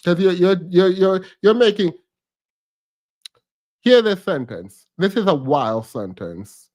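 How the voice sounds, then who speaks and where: A man's voice: high-pitched, lively intonation, takes it slowly, a little mellow. A man streaming a casual reaction commentary, laughing often, repeating phrases and teasing playfully.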